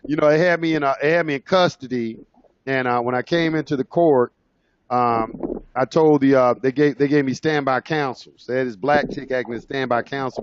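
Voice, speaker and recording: A man's voice: medium pitch, a little hiss or hum. A man telling a story in a casual, rambling way, with loose phrasing and frequent restarts. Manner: rambling, loose and conversational, many fillers and restarts. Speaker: presenter. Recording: dull lo-fi audio.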